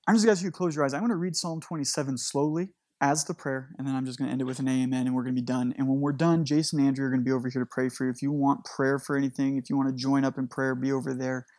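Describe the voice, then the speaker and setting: A man with an American accent, a pastor giving an earnest, emotional sermon and closing by reading scripture slowly and deliberately. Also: mid-range voice, little pitch movement, a little mellow, no room sound, clean studio sound.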